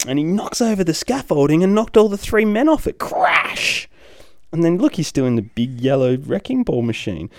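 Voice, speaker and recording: A man's voice: a little high, very animated, fairly quick, few pauses, warm tone, no room sound, clean studio sound. A man reading a comic aloud to his young child, playful and sing-song, with big reactions. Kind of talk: animated comic read-aloud.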